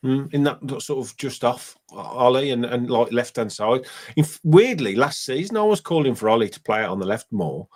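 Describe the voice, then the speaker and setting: A man hosting a casual football phone-in, chatty and matey with quick asides. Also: medium pitch, expressive. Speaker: host.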